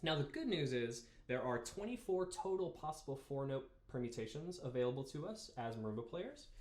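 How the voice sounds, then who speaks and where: A young man teaching marimba, talking through exercises in a relaxed way and counting beats aloud. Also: medium pitch, a little fast. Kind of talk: instructional music lesson. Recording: roomy practice space with marimba. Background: marimba playing.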